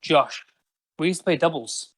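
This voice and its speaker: Animated, swearing man telling stories. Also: on the high side, normal speed. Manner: animated storytelling, swears often. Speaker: podcast guest. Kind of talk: casual chat.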